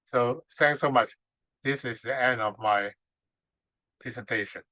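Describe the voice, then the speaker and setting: Hong kong guy, native cantonese, halting english lecture, bright voice, dry close sound. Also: medium pitch, no room sound, low-quality recording. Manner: hesitant, non-native English with filler uhs. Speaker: guest speaker, ceramics expert. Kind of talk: lecture presentation.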